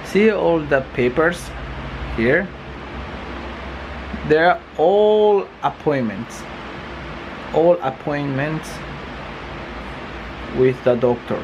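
Slow, halting man vlogging at home. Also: a little high, expressive, lo-fi sound, background noise. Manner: slow, halting and repetitive, swears often. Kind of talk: casual vlog monologue. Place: home bedroom.

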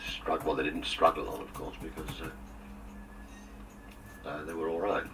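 A man's voice: extremely low pitch, fairly even intonation, takes it slowly, vocal fry, far from the mic, background noise. An older man, a guest on a radio interview, reminiscing with jokes and theatrical asides. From England. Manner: jokey, theatrical storyteller with asides.

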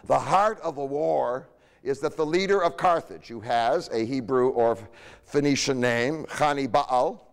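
A man's voice: mid-range voice, measured pace, gravelly, smooth. Man lecturing on history in a reverberant hall. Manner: conversational, asks rhetorical questions.

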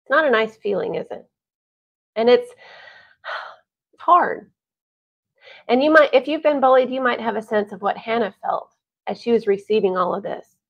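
A woman telling a Bible story to families, animated and chatty, with sighs and laughs. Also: fairly high pitch, normal speed, creaky, long pauses. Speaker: Bible teacher. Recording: dull lo-fi recording.

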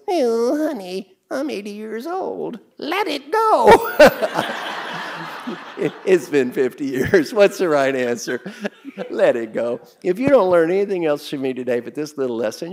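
A man's voice: mid-range voice, a little mellow. Guy doing a funny coaching talk, ribbing the audience, voice jumps all over the place. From Kentucky, USA. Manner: playful, teasing the audience, calling on people. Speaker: executive coach and speaker. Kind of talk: humorous motivational talk to a live audience. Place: room with a live audience.

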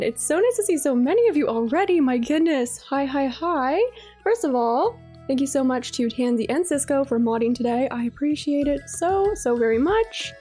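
A woman's voice: high-pitched, darkish tone. A young woman streaming a game live, gushing and greeting her viewers one by one.

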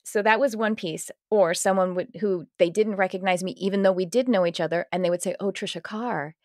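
A woman hosting a podcast, telling stories in a lively, laughing way with lots of restarts. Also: mid-range voice, fairly quick, no room sound, clean studio sound. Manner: animated storytelling, laughing often, self-interrupting restarts. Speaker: podcast host. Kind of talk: casual conversational interview.

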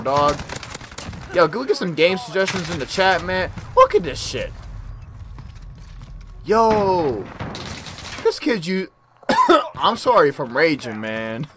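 A man's voice: mid-range voice, background noise. A man giving casual gameplay commentary, trash-talking with lots of slang. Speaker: gaming YouTuber. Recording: game gunfire loud in background.

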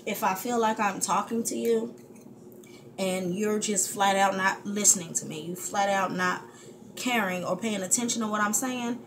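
A woman's voice: mid-range voice, moderate pace. Fed up woman vlogger just venting to her viewers at home, heated, lots of restarts, hissy recording. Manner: frustrated, heated, talks in fits and restarts. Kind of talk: candid chit-chat venting to viewers. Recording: steady background hiss.

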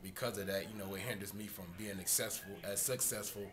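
A man being interviewed as a music producer, speaking in a laid-back, hesitant way with many pauses. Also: fairly low pitch, steady tone. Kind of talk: casual interview.

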